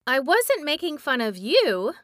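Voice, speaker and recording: A woman's voice: sits high, very animated, unhurried, fairly bright tone, no room sound, clean studio sound, voice pushed up, full character voice. A woman voicing a cheeky young boy in a storybook, eager and protesting.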